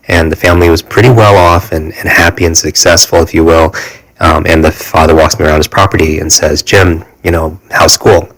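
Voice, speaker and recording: A man in his forties, a podcast guest, telling a personal story earnestly, halting often with fillers and restarts. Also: extremely low pitch, a bit bright, poor audio.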